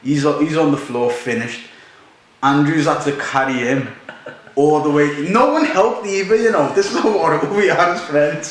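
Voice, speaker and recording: A podcast host from the north of England spins a rowdy story in loose, animated chat, laughing his way through it. His voice sits a little high for a man. The room rings around him with heavy echo. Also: moderate pace. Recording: echoey room.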